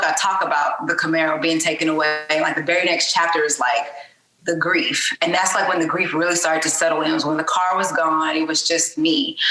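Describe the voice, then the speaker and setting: A middle-aged woman talks candidly as a podcast guest, her tone bright and forceful yet pitched a little low. She speaks openly and conversationally, with plenty of fillers. The room around her sounds echoey. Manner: open, conversational, frequent fillers. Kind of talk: candid personal interview.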